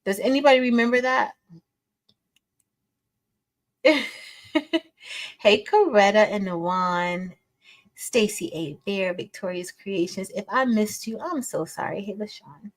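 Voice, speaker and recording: A woman's voice: medium pitch, a little slow, poor audio. Woman doing a craft livestream, chatty and upbeat, saying hi to everybody. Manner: chatty and upbeat, greets viewers by name. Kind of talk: casual livestream chat greeting viewers.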